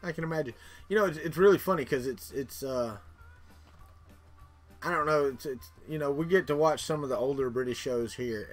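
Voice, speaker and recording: This medium-pitched, slightly bright voice belongs to a middle-aged Southern-accented man from Florida hosting a livestream. He chats loosely with viewers, rambling, repeating words, and chuckling.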